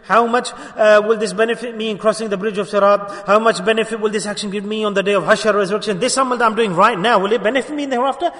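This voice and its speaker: A man's voice: high-pitched, fairly even intonation, fast, hardly any pauses, fairly bright tone. A man preaching a sermon, earnestly addressing listeners with rhetorical questions. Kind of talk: religious sermon. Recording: long hall reverb.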